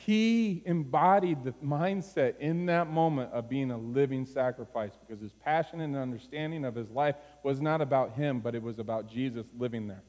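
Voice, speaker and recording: A man preaching a sermon, moving from low, quiet phrases to high, urgent pleading. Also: moderate pace, few pauses. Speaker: pastor. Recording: long hall reverb.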